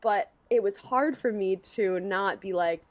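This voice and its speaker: A woman's voice: mid-range voice, a little slow, no room sound. A young woman with a Canadian accent hosting a podcast, giggly and rambling in casual chat. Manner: giggly, rambling with many likes. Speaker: podcast host.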